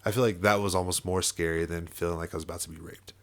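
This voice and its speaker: A man's voice: sits low, fairly even intonation, fast, a bit bright. A young man telling a personal story in casual podcast chat, full of fillers and swearing and with bursts of laughter. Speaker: podcast guest.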